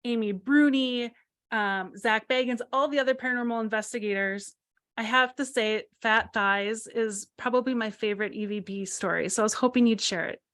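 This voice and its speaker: A woman's voice: on the high side, moderate pace, a bit bright. A woman hosting an interview podcast in a friendly, upbeat way. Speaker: podcast host.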